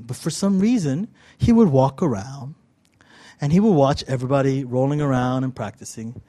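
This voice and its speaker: A man's voice: mid-range voice, dark tone. A middle-aged man preaching a sermon in a casual, self-deprecating storytelling way, with lots of fillers. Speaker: pastor.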